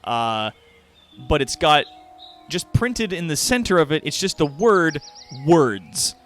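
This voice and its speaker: A man narrating a tabletop game as game master, animated and laughing often. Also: on the high side, slow pace, soft background music.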